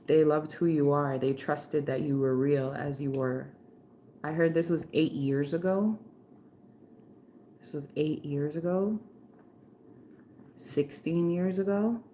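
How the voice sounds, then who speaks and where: A woman's voice: low voice, mellow, slight background noise. A woman giving a chatty, slangy live-stream tarot reading, talking straight to one viewer with lots of "like" and "okay". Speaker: tarot reader.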